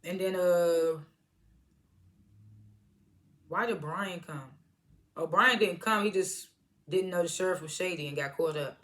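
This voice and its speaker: A woman casually recapping a TV episode, in a loose slangy retelling full of "was like" and quick chuckles. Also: on the low side, a bit bright. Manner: chuckles between lines. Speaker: TV episode reviewer.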